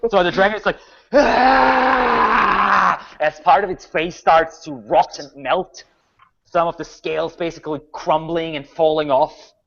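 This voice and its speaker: A man's voice: fairly high pitch, fairly even intonation, moderate pace. A man running a tabletop game as game master, narrating attacks and explaining rules firmly, with frequent restarts. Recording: muffled lo-fi recording.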